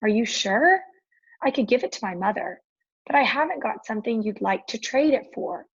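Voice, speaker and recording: A woman's voice: a little high, moderate pace, husky, lo-fi sound. A woman playing an eager young boy. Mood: earnest. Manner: excited, earnest, often hushed.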